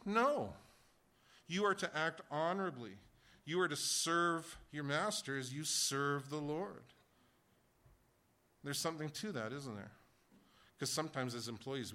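A man preaching a sermon, reading scripture and asking the congregation a run of rhetorical questions in a conversational way. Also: on the high side. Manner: conversational, rhetorical questions, rising to shouts in an acted story. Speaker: pastor.

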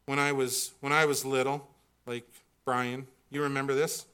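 A man's voice: mid-range voice, level tone, normal speed, bright, forceful tone, smooth. A middle-aged man preaching a sermon, earnest and building to emphatic peaks when he reads scripture. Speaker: pastor.

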